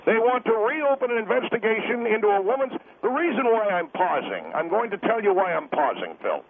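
A pompous, insistent taxpayer crusader, put on by a man, lectures down a tinny phone line in a fairly high voice. He plows on, refusing any interruption, with a faint hiss behind him. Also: sing-song, brisk, creaky, full character voice. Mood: lecturing. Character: pompous middle-aged male taxpayer advocate. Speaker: caller guest.

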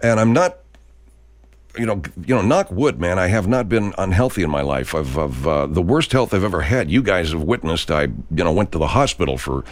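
A man's voice: low voice, very animated, moderate pace, dry recording. Profane rambling man in his sixties. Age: 60s. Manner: profane, rambling, full of restarts. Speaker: podcast host. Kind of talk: casual rambling monologue.

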